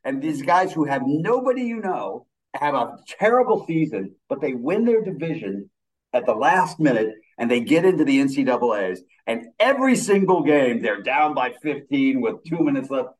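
An older film director chats casually in an interview, an animated and enthusiastic storyteller. His voice is medium-pitched at a moderate pace, captured on a rough recording.

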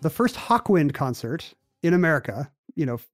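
A man's voice: a little high, sing-song, moderate pace, no echo, faint music behind. A man co-hosting a comedic chat, cracking wry jokes and jumping in with quips. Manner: wry, joking, jumps in with quips. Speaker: co-host. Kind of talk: comedic banter.

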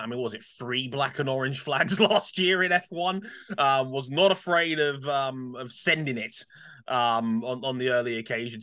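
A man hosting a casual podcast panel, chatty and quick to laugh, with plenty of fillers. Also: medium pitch, sharp tone. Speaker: podcast host.

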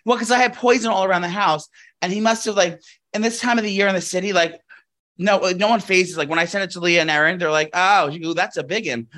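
A man's voice: high-pitched, fairly even intonation, fast, bright, forceful tone. A man co-hosting a podcast, chatting casually and rambling with lots of fillers, restarts and swearing. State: out of breath. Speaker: podcast co-host. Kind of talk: casual chat. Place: New York apartment.

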